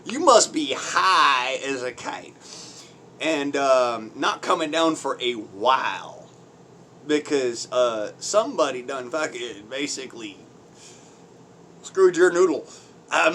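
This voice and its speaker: A man's voice: fairly high pitch, a bit bright, a little hiss or hum. A man ranting on his own channel in blunt, crude, mocking commentary, swearing heavily, using folksy slang and laughing between points. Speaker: vlogger.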